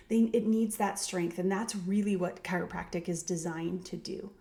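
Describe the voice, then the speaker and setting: A woman's voice: lowish voice, fairly even intonation, moderate pace, vocal fry, few pauses, mellow. A middle-aged woman chiropractor talking casually to parents, often adding "right?" and acting out quoted voices. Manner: conversational, tag questions, acts out quoted voices. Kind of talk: casual educational talk.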